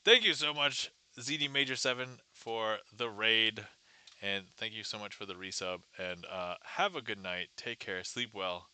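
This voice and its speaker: Streamer host, male, lower-pitched with a very bright, crisp tone; chatty, greets viewers by name. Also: a little slow, dry recording. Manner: chatty, greets viewers and reads chat aloud. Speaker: livestream magician. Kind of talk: casual livestream chat.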